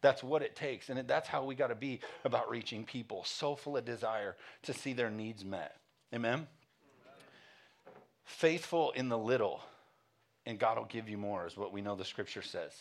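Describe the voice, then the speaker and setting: Speaking at normal speed in a medium-pitched voice, a male pastor delivers a sermon. He starts with a relaxed home anecdote full of chuckles before turning to earnest appeals for passion.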